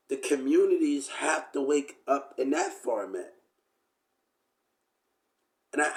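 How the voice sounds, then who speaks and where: A man's voice: mid-range voice, darkish tone. Man preaching a rambling rant to viewers. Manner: preachy, repetitive, addresses viewers directly. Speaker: vlogger. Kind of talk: rambling direct-to-camera rant.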